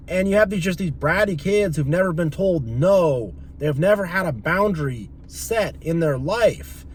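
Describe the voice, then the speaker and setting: High-voiced opinionated man ranting. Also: a little hiss or hum. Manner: opinionated, rambling, acts out quoted voices. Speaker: channel host. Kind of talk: casual monologue.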